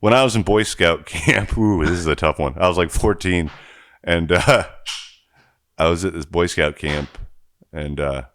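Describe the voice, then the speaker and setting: Man, low voice, podcast co-host, animated storyteller who acts out his quotes, very dry close sound. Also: a little slow, dry recording. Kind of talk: casual chat, storytelling.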